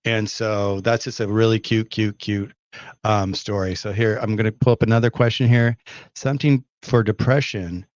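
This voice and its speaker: Chatty male stream host, low voice, dry lo-fi sound. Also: steady tone, normal speed, dry recording. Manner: chatty storyteller, answers viewer questions. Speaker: host of a live stream selling pet herbal products. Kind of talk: casual live-stream chat.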